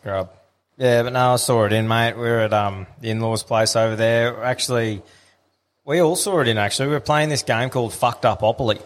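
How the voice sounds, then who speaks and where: A man's voice: medium pitch, fairly quick. A man with an Australian accent co-hosting a podcast, telling stories in a blokey, casual way and swearing freely. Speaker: podcast co-host. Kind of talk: casual chat.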